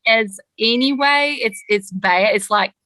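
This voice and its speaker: Bright Southern woman podcaster. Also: on the high side, measured pace, no echo. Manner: chatty, self-mocking, rambling asides. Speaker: podcast co-host, school counselor. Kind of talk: casual chat. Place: outdoors on a porch.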